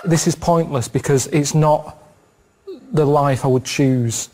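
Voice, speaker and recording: A man with a Northern English accent, chatting on a comedy podcast in a deadpan, rambling way. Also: a little high, slight background noise. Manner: deadpan, rambling, plain-spoken. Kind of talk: casual comic chat.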